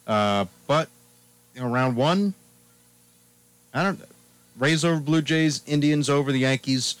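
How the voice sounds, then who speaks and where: A man's voice: medium pitch, unhurried, smooth, dry recording. A man hosting a sports talk radio show, chatting casually and running through his picks one after another.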